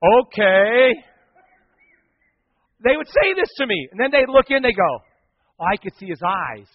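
A man preaching a sermon as the pastor, telling a story with lively, animated delivery and acting out other people's lines. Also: high-pitched, a little slow. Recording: dull sound with long hall reverb.

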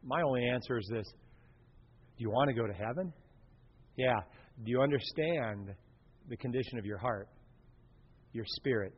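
A man preaching a sermon in a dramatic way, swinging from hushed murmurs to loud exclamations. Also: mid-range voice, moderate pace, pauses often, breathy edge. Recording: reverberant hall, dull lo-fi sound.

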